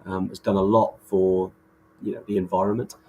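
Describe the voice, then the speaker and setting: A man's voice: low voice, level tone, normal speed, darkish tone, slightly rough, muffled recording. A man co-hosting a podcast in casual chat, enthusiastic and rambling with many restarts. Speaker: podcast co-host.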